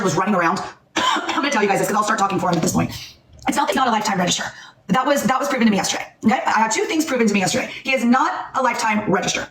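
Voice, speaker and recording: A fast-talking woman vents on a livestream, shaken and furious, hammering her points home again and again. Her voice sits a little high and sounds roomy and echoey. It is picked up by a phone set some distance away. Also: fairly bright tone, slight background noise. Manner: angry, blunt, repeats herself for emphasis. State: upset and shaking. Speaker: livestream host. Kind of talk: heated livestream talk.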